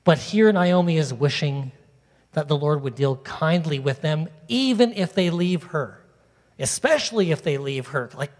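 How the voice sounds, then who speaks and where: A man preaching a sermon to his congregation in a lively, conversational way, asking them questions and drawing them in. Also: on the high side, unhurried. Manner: animated, conversational, talks directly to the congregation. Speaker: pastor. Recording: long reverb of a large hall.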